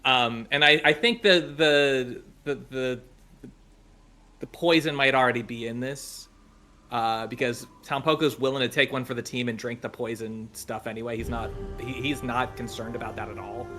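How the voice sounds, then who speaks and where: A man's voice: mid-range voice, steady tone, moderate pace, pushed and bright, soft background music. A man playing a tabletop game, talking loosely and jokingly with many fillers. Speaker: player.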